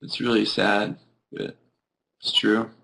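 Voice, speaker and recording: A drowsy young man with a fairly low voice chats with viewers over a webcam, rambling loosely and filling his sentences with "like". He keeps yawning and sounds casual. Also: flat delivery, takes it slowly, vocal fry, a bit bright, rough recording. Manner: rambling, peppered with "like". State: sleepy, yawning. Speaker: host of a live video chat. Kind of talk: casual chat answering viewers.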